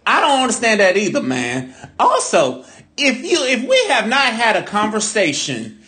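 A man co-hosting a casual podcast chat, telling stories in an animated, profane way. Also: high voice, normal speed. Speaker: podcast co-host.

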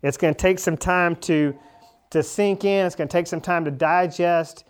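A man's voice: high voice, normal speed, smooth. A man, coaching a class of real estate agents in a classroom and acting out the conversations they might have. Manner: animated, acts out imagined conversations. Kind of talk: classroom training talk.

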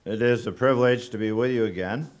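A man giving a sermon as a guest preacher, unhurried and halting, with frequent pauses and fillers. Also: mid-range voice.

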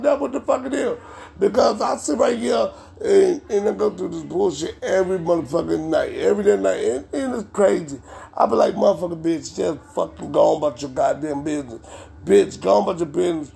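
High-pitched, gravelly man ranting angrily. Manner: ranting, heated, swearing constantly, sometimes shouting. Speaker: podcast host. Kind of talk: angry profane rant.

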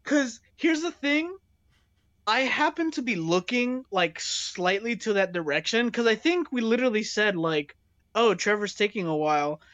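A woman's voice: a little high, expressive, measured pace, no room sound. Giggly young woman, dull lo-fi sound. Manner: giggly, storytelling with many fillers. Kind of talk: casual chat.

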